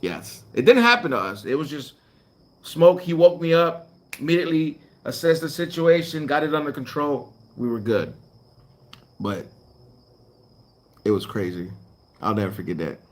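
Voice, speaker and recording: Man, fairly high voice, very lively pitch, casual chat, animated storyteller, trucking host. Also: normal speed, pauses often. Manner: animated storytelling, acts out dialogue. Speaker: truck driver trainer and channel host. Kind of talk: casual live chat with viewers.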